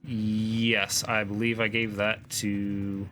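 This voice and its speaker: A man's voice: lowish voice, level tone, slow, sharp tone. A man talking casually and thinking aloud while playing a co-op video game. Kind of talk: casual gameplay chat.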